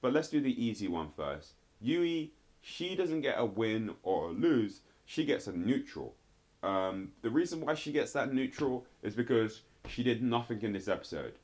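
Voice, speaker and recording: This man reviews a TV episode in a sing-song, slightly mellow medium-pitched voice at a moderate pace. He rambles casually, relying heavily on "like" and "sort of."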